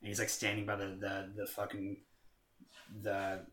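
A man's voice: lowish voice, completely flat delivery, moderate pace, a bit bright, echoey room. A man casually chatting about movies, retelling scenes in a rambling way with lots of fillers and swearing.

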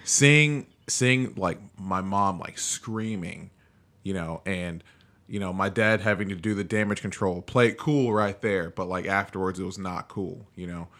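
A man's voice: low-pitched, measured pace, fairly bright tone. A man in his thirties hosting a podcast, chatting casually and loosely with frequent filler phrases. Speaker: podcast host. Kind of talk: casual chat.

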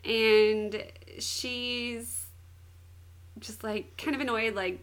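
A woman's voice: a little high, very slow. A young woman co-hosting a casual podcast, giggling often as she retells a manga plot. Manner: giggly, animated storyteller. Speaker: podcast co-host.

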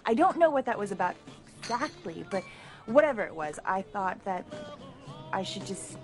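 An actress playing a flustered, guarded woman who speaks in a hesitant, halting way. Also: mid-range voice, very animated, over music, natural voice. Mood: awkward.

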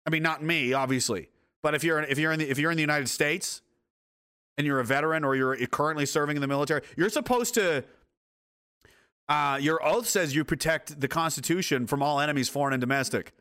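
A man's voice: fairly high pitch, a little fast, bright, forceful tone, smooth. A man reacting to news reports and photos in a sarcastic, angry, heavily profane rant. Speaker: commentator.

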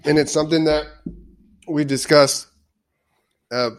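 A man's voice: a little high, steady tone, measured pace. A man co-hosting a casual discussion, thoughtful and hesitant, with frequent ums. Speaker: podcast co-host.

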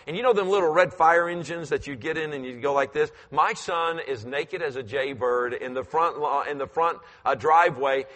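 A man in his fifties, a pastor telling animated stories in a sermon and acting out the voices. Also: fairly high pitch. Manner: animated, acts out voices, climbs loud when excited. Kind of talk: storytelling in a sermon. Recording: long church hall reverb.

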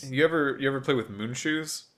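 A man hosting a podcast in casual chat, low-key and often trailing off quietly. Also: fairly quick. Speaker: podcast host.

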